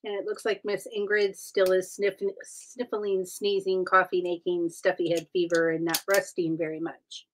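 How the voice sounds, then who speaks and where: A woman's voice: lowish voice, flat delivery, moderate pace, few pauses, a little hiss or hum. A woman hosting a casual live stream, chatting with viewers and greeting them by name while she builds. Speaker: live-stream host building brick sets.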